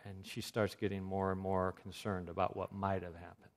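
Man, health talk, storytelling, animated delivery, acts out quotes. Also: deep voice, normal speed.

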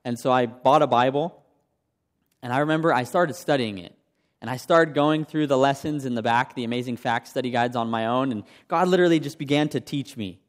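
A man's voice: medium pitch, fairly quick. Male preacher in a reverberant hall. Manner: conversational, asks the congregation questions. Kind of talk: sermon with personal testimony.

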